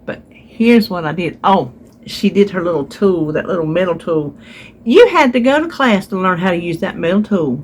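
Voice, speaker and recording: A woman's voice: on the low side, normal speed, a little hiss or hum. Chatty woman telling a story. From North Carolina. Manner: chatty, animated retelling with voiced quotes. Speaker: vlogger. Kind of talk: casual storytelling to viewers. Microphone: phone.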